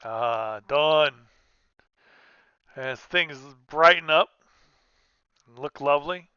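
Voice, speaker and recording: A man's voice: fairly high pitch, slow pace, smooth, no room sound, muffled recording. A man giving casual commentary while playing a trucking game, rambling and cutting himself off with restarts. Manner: rambling, self-interrupting, chatty. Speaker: gaming streamer.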